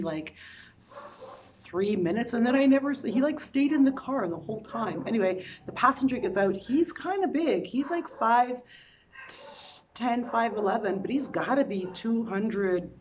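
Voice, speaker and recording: Woman telling a travel story, lively asides. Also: medium pitch, dull audio. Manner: animated, restarts and quick asides. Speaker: travel vlogger. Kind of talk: casual storytelling.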